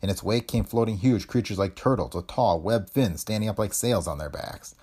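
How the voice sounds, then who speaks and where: A man narrating a pulp adventure story in a dramatic, expressive storytelling manner. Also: on the low side, normal speed, slightly rough.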